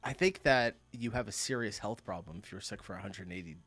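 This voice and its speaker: A man's voice: on the low side, fast, fairly bright tone, breathy edge, no room sound, faint music behind. A man hosting a reaction video, chatting casually and laughing often, with bursts of disbelief. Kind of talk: casual commentary reacting to clips.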